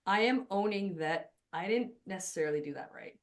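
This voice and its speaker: A woman whose first language is French, hosting a podcast conversation, talking fast and emphatically. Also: medium pitch, lively intonation. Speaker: podcast host. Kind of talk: casual conversation.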